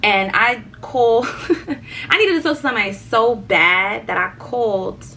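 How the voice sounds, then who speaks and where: A young woman vlogger chatting casually through a story, animated, swearing and repeating words for emphasis. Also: a little high, takes it slowly, a little hiss or hum, low-quality recording.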